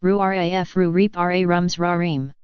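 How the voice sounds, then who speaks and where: A woman voicing a cheeky young boy who talks slowly in garbled syllables. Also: fairly low pitch, clear, resonant tone, dry recording, muffled recording, natural voice. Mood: mumbling. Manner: slowed, mumbled nonsense syllables.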